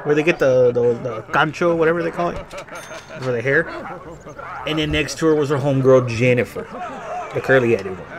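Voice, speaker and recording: A man's voice: medium pitch, brisk, long pauses, a crowd in the background. A man telling a rambling, profane personal story during a game playthrough, often correcting himself. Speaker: gaming channel host.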